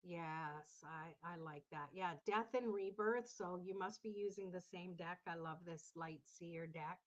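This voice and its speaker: On a casual tarot livestream, a woman with a lower-pitched voice speaks a little slowly, chatting warmly and encouragingly with viewers in the chat. The sound is slightly dull and lo-fi.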